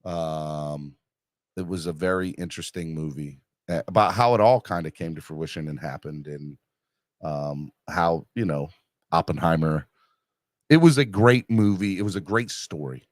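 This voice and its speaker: A man's voice: deep voice, moderate pace, no room sound, studio quality. A middle-aged man hosting a podcast, chatting casually and rambling with fillers and restarts while reading live comments. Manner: rambling, self-deprecating, many fillers and restarts. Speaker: podcast host.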